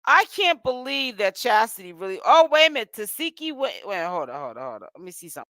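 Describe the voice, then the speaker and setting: A woman's voice: a little high, big pitch swings, quick pace, a bit bright, dry recording, clean studio sound. A woman hosting a gossip commentary vlog, talking in a sassy, chatty way with lots of "honey" and "child" asides. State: tired and yawning while fasting. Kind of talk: casual chat.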